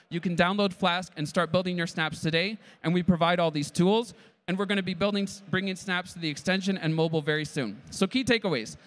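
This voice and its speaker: A man's voice: high-pitched, a bit bright. A man giving a tech conference talk with a live demo, eager and keeps checking in with the audience. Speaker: conference presenter.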